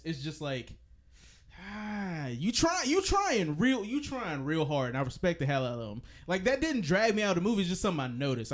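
A man co-hosting a casual movie podcast, his voice pitched high and swinging widely. He laughs often and insists on finishing his point. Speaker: podcast co-host. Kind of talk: casual movie-review chat.

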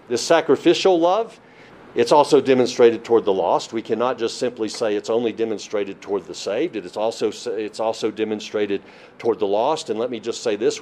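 A man's voice: mid-range voice, a little mellow. A man preaching a sermon, emphatic and repetitive, asking questions and answering them himself. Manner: emphatic, repeats key phrases, asks and answers his own questions.

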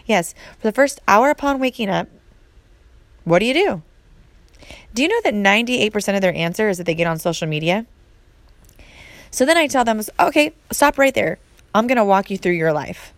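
This fitness and mindset coach delivers an emphatic motivational talk, addressing the listener directly and repeating points for force. Her mid-range voice is animated and brisk, with frequent pauses, and there's no echo.

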